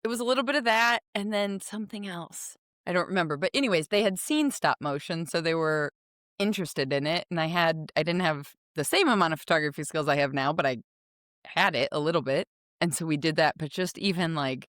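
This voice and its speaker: Woman, podcast host, low voice, dry sound, casual interview chat, rambling, laughs easily. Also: brisk, a bit bright, no room sound.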